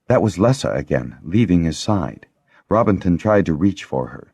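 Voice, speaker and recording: A man narrating an audiobook in a deep, husky voice with a lively, rolling melody. The recording is dry and close. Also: normal speed, dry recording. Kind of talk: scripted narration.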